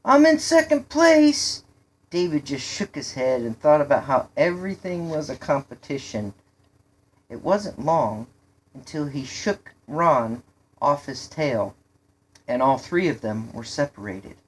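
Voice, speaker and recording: Low-voiced woman reading slowly. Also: animated, slightly rough. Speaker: reader. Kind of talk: storybook reading.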